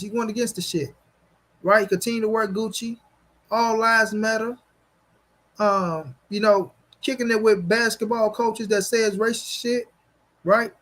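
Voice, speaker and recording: A man's voice: high voice, fairly bright tone. A man hosting a boxing channel, talking bluntly and with lots of profanity straight to his viewers on a livestream, and repeating his points for emphasis. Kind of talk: livestream commentary rant.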